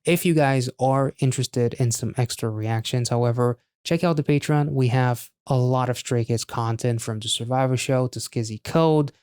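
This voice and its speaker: A man's voice: medium pitch, normal speed, hardly any pauses, a little mellow, clear, resonant tone, no echo, studio quality. A man hosting a music reaction video, chatting casually and exclaiming over the song. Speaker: reaction channel host.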